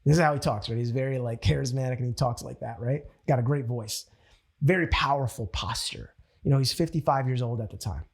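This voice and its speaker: A man's voice: medium pitch, brisk, creaky, breathy edge. A man training people in network marketing with a motivational talk, telling stories animatedly and acting out quotes. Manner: animated storytelling, acts out quotes.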